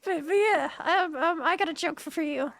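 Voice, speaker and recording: A woman's voice: very high voice, normal speed, creaky, a bit bright, exaggerated voice. A woman playing a young orphan street thief in a western game roleplay, chatty and stammering with many restarts. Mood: eager. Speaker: roleplay streamer.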